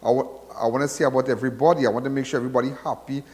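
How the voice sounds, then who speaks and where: Trinidadian man, call-in host, rambly and preachy, mid-pitched voice with long reverb. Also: fairly even intonation, rapid-fire, a little mellow. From Trinidad and Tobago. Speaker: radio call-in show host. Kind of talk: casual call-in talk.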